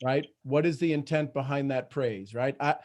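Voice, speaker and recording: A man's voice: medium pitch, moderate pace. Blunt, emphatic man coaching live. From Ireland. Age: 50s. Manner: blunt, emphatic, swings between loud and hushed. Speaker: host and coach.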